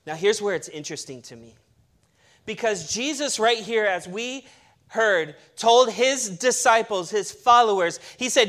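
Male pastor, high voice, emphatic preaching, playful asides, church sermon. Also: fairly bright tone.

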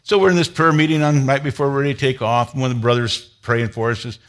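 A man preaching from the pulpit in a mid-pitched voice. He tells his stories with animated energy, getting louder and higher as they build. Then he settles into a low, earnest exhortation. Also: fast, hardly any pauses. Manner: animated storyteller, grows loud and high when excited, then drops to a low earnest tone. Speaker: pastor. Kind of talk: sermon with personal storytelling.

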